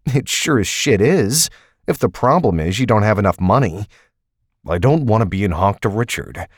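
Brief: low-pitched man playing a tired, defensive ex-agent, snappish, animated delivery. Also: moderate pace, no echo, studio quality. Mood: heated, defensive.

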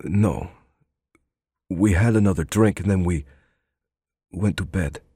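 A man's voice: sits low, slow pace, dark tone, husky, no room sound, clean studio sound, heavily acted. A man voicing a cagey young suspect. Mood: guarded. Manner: terse, hesitant answers. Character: defensive, cagey young man under questioning. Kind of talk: audiobook character voice.

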